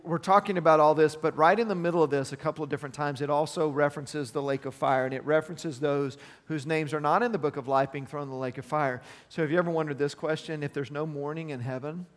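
A middle-aged male pastor preaches in an earnest, conversational way, weaving personal asides into scripture. His voice sits a little high for a man. The sound rings with the long reverb of a large hall. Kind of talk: sermon.

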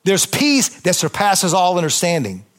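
Male pastor, high voice, impassioned testimony sermon, emphatic repeats, church congregation. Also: huge pitch swings, moderate pace. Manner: impassioned, conversational preaching with emphatic repetition.

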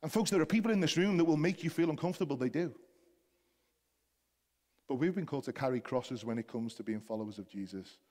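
A man's voice: mid-range voice, fast talker, long pauses, a little mellow, big-room sound. A man with a Liverpool accent preaching a sermon to his church, building to emphatic, passionate exhortation. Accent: Liverpool (Scouse). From Liverpool, England. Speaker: pastor. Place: church hall.

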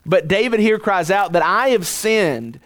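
Clear-voiced preacher man, high tone. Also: lively intonation, fairly bright tone. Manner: earnest, reads scripture aloud with emphatic pauses. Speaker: pastor. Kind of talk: sermon.

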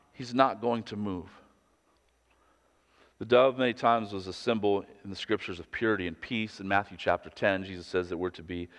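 A pastor in his thirties delivers an earnest yet conversational sermon packed with personal stories. His voice is lowish and a bit bright, and the recording carries a long hall reverb.

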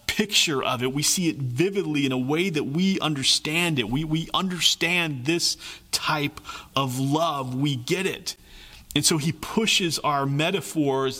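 A man's voice: mid-range voice, bright, forceful tone. Earnest male preacher in a reverberant hall. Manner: earnest, emphatic preaching with repetitions. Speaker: pastor. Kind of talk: sermon.

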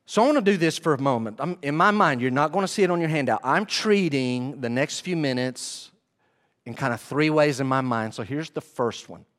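Animated male preacher. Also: mid-range voice, fairly quick. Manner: animated, asks the congregation questions. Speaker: pastor. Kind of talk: sermon.

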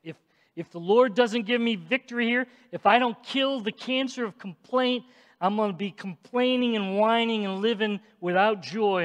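A male pastor preaching an emphatic sermon in a church, swinging between loud declarations and hushed asides. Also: high voice, moderate pace. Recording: long hall reverb.

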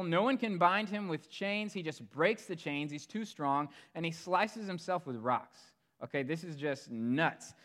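A pastor preaching a sermon in a storytelling manner, swinging between hushed asides and emphatic, louder passages. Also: male voice, fairly high pitch.

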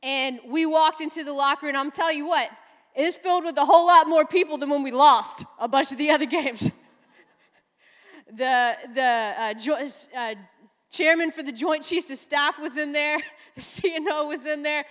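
A woman's voice: high-pitched, moderate pace, fairly bright tone. A woman chaplain giving a sermon, telling stories with emotion and frequent laughter. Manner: emotional, laughing, chatty storytelling. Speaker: naval chaplain preaching. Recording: long hall reverb.

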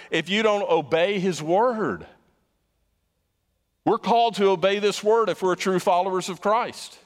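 A man's voice: high-pitched, a little slow, big-room sound. A man preaching a sermon as pastor, emphatic and stressing points by repeating words.

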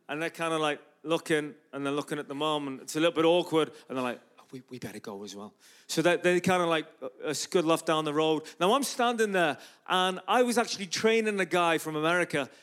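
This Irish guest preacher, also a street evangelist, has a fairly high-pitched voice and a brisk, smooth delivery. In church he tells a story as a sermon, bringing it to life by animatedly performing much of the dialogue.

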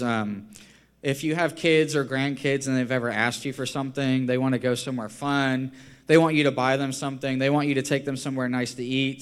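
A middle-aged man, a pastor, preaching a sermon in an animated storytelling way, acting out the quotes he tells. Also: fairly high pitch.

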